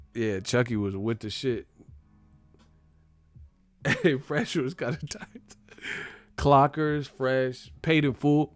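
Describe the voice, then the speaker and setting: A man's voice: mid-range voice, slow, long pauses, no room sound. Laughing, slangy man on a livestream. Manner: animated, laughs often, slangy and profane. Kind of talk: casual livestream chat.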